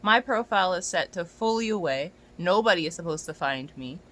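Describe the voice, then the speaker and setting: Exasperated young dog walker ranting, bright voice. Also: medium pitch, lively intonation, brisk. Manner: exasperated, profane, rising to near-shouts. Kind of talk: ranting vlog to camera.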